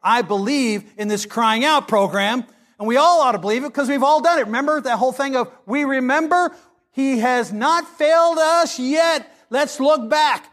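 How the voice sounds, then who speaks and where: A pastor delivering a sermon, reading scripture dramatically and preaching with passion. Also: male voice, extremely high pitch, moderate pace, a bit bright.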